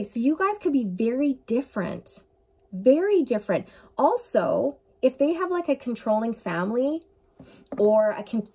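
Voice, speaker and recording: A woman's voice: mid-range voice, dark tone. Earnest woman giving a tarot reading. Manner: earnest, intuitive, talks straight to the viewer. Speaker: tarot reader.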